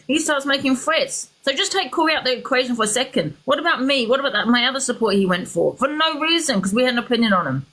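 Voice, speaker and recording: A woman's voice: on the high side, a bit bright, poor audio. Woman, live stream host, indignant, emphatic, repeats points. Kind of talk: heated live stream chat.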